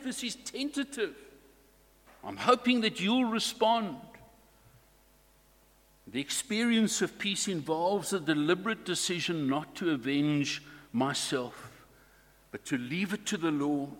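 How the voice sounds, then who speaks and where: Man, high voice, slow deliberate sermon, long hall reverb. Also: fairly bright tone. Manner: slow, deliberate preaching with varied emphasis. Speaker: preacher.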